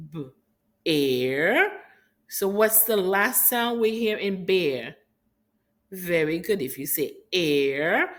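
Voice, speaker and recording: A woman from Haiti teaching rhyming sounds to young children in an encouraging, sing-song teacher manner. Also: sits low. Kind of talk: phonics lesson for young children.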